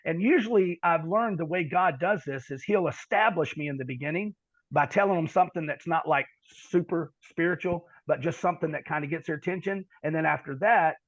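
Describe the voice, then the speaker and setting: Man, podcast guest, animated storyteller; slightly raised pitch, dull dry lo-fi sound. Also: fairly quick, no echo. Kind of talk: storytelling interview talk.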